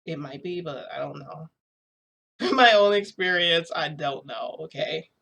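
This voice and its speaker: A woman with a deep, gravelly, yet fairly bright voice speaks a little slowly in her casual vlog. Her story to viewers wanders and is thick with "like," broken up by small laughs.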